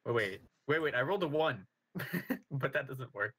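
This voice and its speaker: A man's voice: mid-range voice, animated, normal speed, a bit bright, breathy edge. A man playing a tabletop game, giggling often and rambling with fillers as he explains his plans. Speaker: player. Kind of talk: casual chat at a game table.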